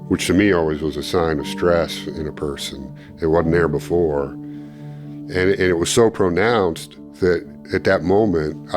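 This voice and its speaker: An older man, interviewed, recounting a personal story and acting out what others said in lively bursts. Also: low-pitched. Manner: animated storytelling, acting out quoted speech. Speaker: interviewee, former ministry student.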